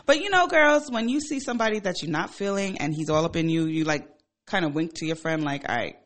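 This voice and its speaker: Animated, profane woman telling a story. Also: fairly quick. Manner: animated and profane, with emphatic swings in pitch and loudness. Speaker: radio show host. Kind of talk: casual storytelling monologue.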